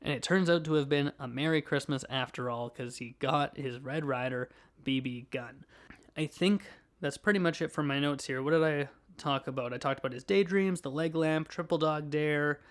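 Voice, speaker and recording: Young male podcast host, slightly high voice, animated and chuckling through a casual movie recap. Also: normal speed. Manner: animated plot retelling with frequent laughs.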